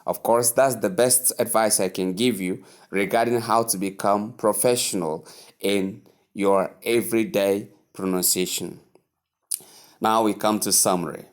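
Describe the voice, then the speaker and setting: A man's voice: fairly low pitch, fairly even intonation. A man teaching English pronunciation, repeating each word several times and giving patient advice. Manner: slow, repetitive drilling of words; patient, advising tone.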